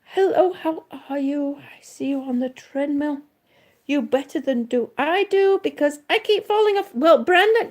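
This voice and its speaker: High-pitched yet darkish in tone, this breathless woman speaks a little slowly on her livestream. She casually greets viewers and reads their comments, often trailing off and starting again.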